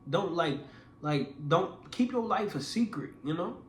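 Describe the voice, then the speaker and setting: A man's voice: high voice, unhurried, slight background noise. Young man telling a story in an echoey room. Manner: animated, acts out quoted voices; casual, repeats words and restarts. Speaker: vlogger. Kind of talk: casual storytelling.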